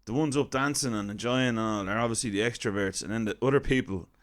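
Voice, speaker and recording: Irish man, thirties, mid-pitched, wry self-deprecating comic storyteller. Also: fast. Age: 30s. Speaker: comedian storyteller.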